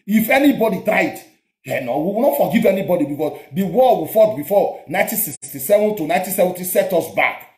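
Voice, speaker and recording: A man with a Nigerian accent arguing politics in a heated debate, forceful and repetitive, cutting in on the other speaker. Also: high voice, expressive, quick pace, roomy sound, rough recording. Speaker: show host. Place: abroad, home.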